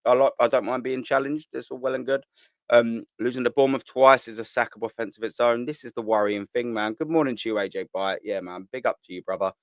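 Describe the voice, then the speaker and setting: A man's voice: medium pitch, fast talker, dry recording. A man hosting a live morning fan stream, chatting casually, using slang and often repeating and restarting his words. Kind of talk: casual live-stream chat reading viewer comments.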